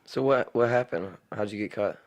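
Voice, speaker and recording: A man's voice: fairly low pitch, moderate pace, dry recording, clean studio sound. A man interviewing a guest, mostly chiming in with short encouraging remarks. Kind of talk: casual chat.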